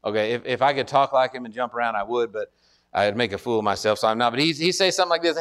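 A man's voice: fast talker, a bit bright, clear, resonant tone. A man preaching a sermon in an earnest way, often repeating words as he builds to a point. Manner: earnest, repeats words, rises in pitch and force when exhorting.

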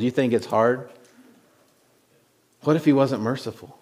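A man preaching a sermon in a conversational way, often repeating words and swinging from loud lines to hushed ones. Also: mid-range voice. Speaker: pastor.

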